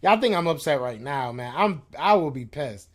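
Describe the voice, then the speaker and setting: A man's voice: on the high side, lively intonation, moderate pace. A man hosting a sports podcast live stream, venting in a frustrated, slangy, repetitive casual rant. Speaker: podcast host reacting to chat.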